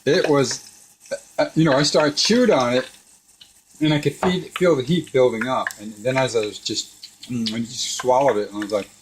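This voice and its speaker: Middle-aged man, chatty and animated, laughing storyteller, home kitchen, average pitch. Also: normal speed, background noise. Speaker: father cooking with his son. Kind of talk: casual kitchen chat. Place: home kitchen beside a deep fryer.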